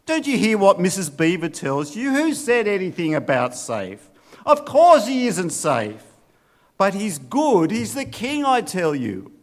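A man performs a full character voice as a firm, earnest male beaver, pitched above his own natural voice. It sits high with huge pitch swings and a slightly slow pace.

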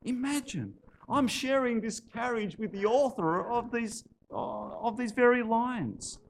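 A man's voice: measured pace, vocal fry, slight background noise, exaggerated voice. A man voicing an earnest young churchgoing woman in a sermon story, eager and pleading. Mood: delighted. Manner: eager and pleading, rising high.

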